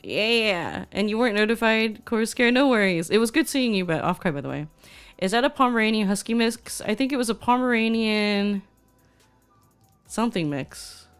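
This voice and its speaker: A woman's voice: on the high side, lively intonation, moderate pace, clean tone. Young woman, VTuber, casual stream chat, bubbly, gushing, faint background music.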